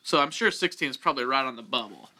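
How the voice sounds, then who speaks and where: A male podcast host with a piercingly bright, tense tone. He talks in loose, goofy tangents. He keeps restarting his sentences and padding them with fillers. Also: mid-range voice, animated, quick pace. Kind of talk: casual chat.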